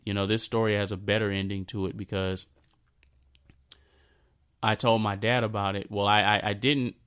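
Man in his thirties, personal storytelling, low voice, smooth and clear tone, halting and repetitive delivery. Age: 30s. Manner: halting, repeats himself, drifts into a soft low voice.

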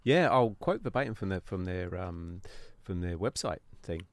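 A man's voice: low-pitched, expressive, normal speed. A man co-hosting a casual radio chat in a studio, playful and joking, often stumbling over his words. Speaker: co-host.

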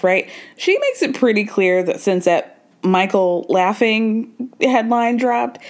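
A woman's voice: medium pitch, darkish tone. A woman hosting a podcast, chatting casually and with opinions as she recaps reality TV, laughing now and then. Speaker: podcast host. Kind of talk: casual pop culture recap.

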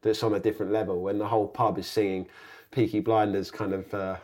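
A young man with a fairly low voice tells rambling stories as a podcast guest. His delivery is casual and animated, full of restarts and asides. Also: quick pace. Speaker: actor guest. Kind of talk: casual interview chat.

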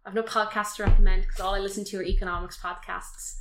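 A woman's voice: medium pitch, level tone, quick pace, music in the background. A woman co-hosting a podcast, chatting casually and rambling about films, swearing now and then. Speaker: podcast co-host. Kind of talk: casual film review chat. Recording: roomy echoey room.

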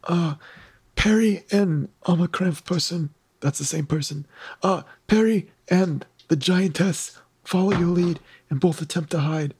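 A man's voice: sits high, a little slow, a little mellow, breathy edge, no echo. A man narrating a tabletop game as game master, playful and teasing with his players.

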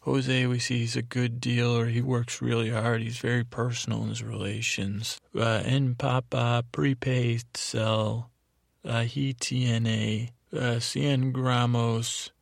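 A man hosting a sleep podcast, slowly recapping a TV episode in a meandering, monotone storytelling manner with frequent restarts. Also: medium pitch, creaky, no room sound, clean studio sound. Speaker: podcast host.

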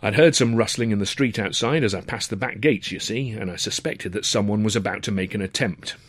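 A man's voice: fairly low pitch, fairly quick, no room sound. Wry male storyteller. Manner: wry, dry-humoured, conversational storytelling. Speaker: author reading his own novel. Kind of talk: storybook narration.

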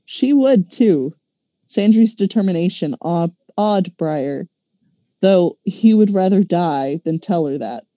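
A woman reads a novel passage slowly and carefully, stumbling now and then with a slight stutter. Her voice is dark and mellow, sitting a little low, and the sound is dry and muffled. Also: expressive, no echo. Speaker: podcast co-host reading an excerpt. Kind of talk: reading a novel excerpt aloud.

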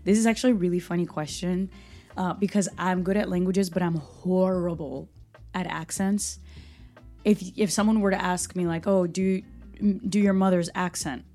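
Passionate, mellow-voiced woman podcaster. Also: fairly low pitch, fairly even intonation, moderate pace, soft background music. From Brazil. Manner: passionate and talkative, emphatic. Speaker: podcast host. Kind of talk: solo Q&A podcast monologue.

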